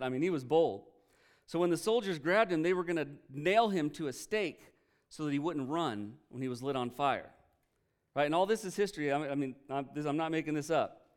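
A male pastor preaching a sermon, telling a story earnestly and with feeling, often pausing to react. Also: fairly high pitch, expressive. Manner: earnest storytelling, emotional, retells quotes with energy.

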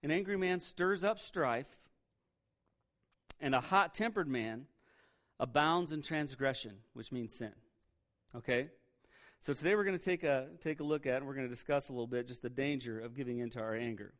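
A man's voice: mid-range voice, brisk, fairly bright tone. A man preaching a candid, conversational sermon, often repeating words as he presses a point. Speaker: pastor.

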